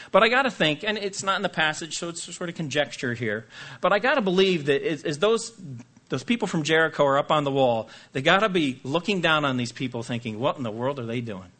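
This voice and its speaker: A man preaching a sermon, reading scripture and acting out lively asides with playful voices. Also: on the high side. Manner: animated, jokey, acts out voices. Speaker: pastor.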